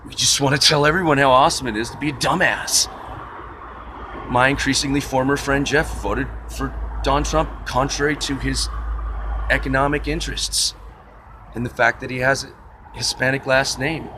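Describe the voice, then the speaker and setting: A man with a bright, forceful voice talks through a loose, sarcastic vlog rant. He rambles from point to point with a wry edge. Faint traffic hums behind him. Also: mid-range voice. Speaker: vlogger. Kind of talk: casual opinion rant.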